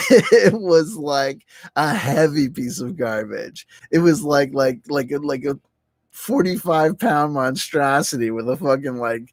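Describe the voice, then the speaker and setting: A man's voice: fairly high pitch, animated, a little slow, dry recording. A man casually telling a rambling, profane story on a livestream, full of restarts and fillers and laughing as he goes. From New Jersey. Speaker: livestream host.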